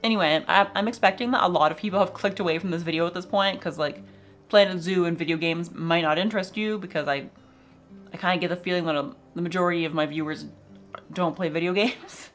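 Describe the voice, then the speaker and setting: A woman's voice: lowish voice, quick pace, faint music behind. A young woman casually chatting and swearing as she shows off her zoo game, laughing often. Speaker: vlogger showing a zoo game. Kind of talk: casual gameplay chat.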